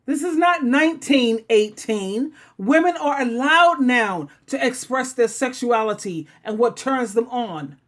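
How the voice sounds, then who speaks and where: Blunt, sassy high-voiced woman host. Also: expressive, a little slow, few pauses. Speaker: talk show host. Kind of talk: casual relationship talk.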